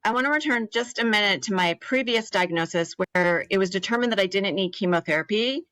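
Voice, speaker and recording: A woman's voice: medium pitch, fairly quick, fairly bright tone, dry recording, low-quality recording. A woman in her thirties, a guest on an interview podcast, earnestly telling her own story and acting out what others said. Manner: earnest, emotional, acts out quoted voices. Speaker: podcast guest, cancer survivor.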